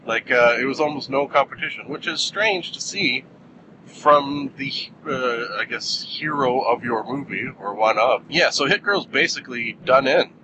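A man talks through a movie review in a loose, rambling monologue. His voice sits mid-range, and he jokes and fills gaps with frequent "uh"s. A clear, steady vehicle rumble runs behind him. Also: moderate pace, muffled recording. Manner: rambling, jokey, many fillers. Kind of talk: casual film review monologue.

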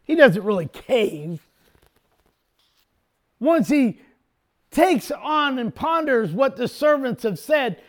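An older man preaching a sermon as pastor, telling the story emphatically and sometimes breaking into shouts. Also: extremely high pitch, big pitch swings, slow, pauses often.

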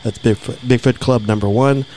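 A middle-aged man hosting a podcast, chatting and telling stories in a relaxed, laid-back way. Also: mid-range voice, moderate pace, a little hiss or hum. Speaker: podcast host. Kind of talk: casual podcast chat.

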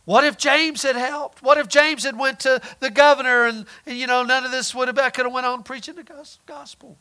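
A man's voice: very high voice, fairly even intonation, a little fast, pushed and bright. A man preaching a conversational sermon, often repeating words and asking his listeners questions.

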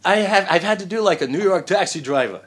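A man talking loosely in an interview about his voice work. He tells anecdotes in an easy, mid-pitched voice and jumps into the voices of the people he quotes. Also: quick pace. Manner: animated storyteller, acts out quoted voices. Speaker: voice actor, guest. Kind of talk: casual interview chat. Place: living in Japan.

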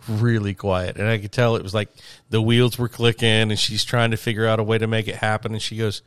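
A man's voice: lowish voice, brisk, smooth, no echo. A middle-aged man co-hosting a casual chat, telling stories with laughter. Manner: animated storyteller, laughs while talking. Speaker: podcast co-host.

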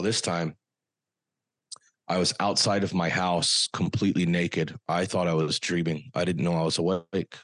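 A man with a very low voice tells a personal story as a podcast guest. His telling is earnest and halting, with many pauses. The sound is dry and close. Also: dry recording.

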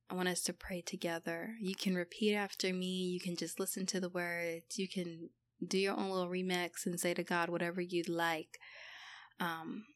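A woman speaking gently and conversationally, leading a spoken prayer of comfort. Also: on the low side, dry recording. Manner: gentle, conversational, with many fillers. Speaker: prayer leader.

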